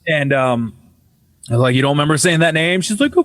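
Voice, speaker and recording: A man on a casual podcast call telling a ghost story, swearing freely and acting out the quotes with lively energy. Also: fairly high pitch, brisk, dry recording. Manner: profane, animated retelling with voiced quotes. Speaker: podcast guest. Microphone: video call.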